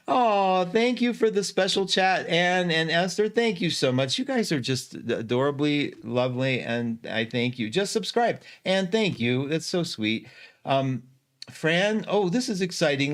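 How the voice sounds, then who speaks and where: A man's voice: mid-range voice, a bit bright. A man hosting a casual astrology live stream, effusive, greeting viewers by name and laughing often.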